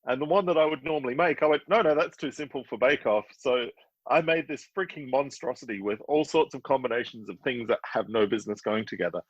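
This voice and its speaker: A man's voice: mid-range voice, fast talker, slightly rough, no room sound. Opinionated Australian man on a dull line. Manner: opinionated, laughs easily. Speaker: podcast guest, former baking show contestant. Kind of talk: casual chat.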